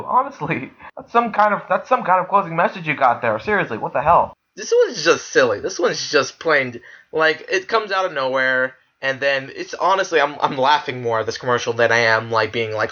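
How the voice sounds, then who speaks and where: Lively, bright-voiced ranting man. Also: fairly high pitch, normal speed, hardly any pauses, highs cut off. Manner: profane, incredulous ranting with laughs. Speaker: video creator ranking clips. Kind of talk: casual commentary.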